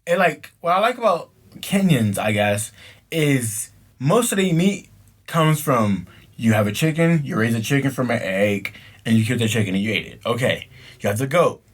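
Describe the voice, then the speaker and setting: A man's voice: mid-range voice, moderate pace, breathy edge. A man co-hosting a podcast, telling stories in a casual chat full of slang and acting out the people he quotes. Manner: animated storytelling, slangy, acts out both sides of exchanges. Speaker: podcast co-host.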